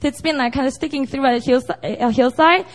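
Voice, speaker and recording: Young woman, casual sermon, high voice, chatty and conversational. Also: fairly quick. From South Korea. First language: Korean. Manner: chatty, with frequent "you know" and "right?". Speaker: preacher.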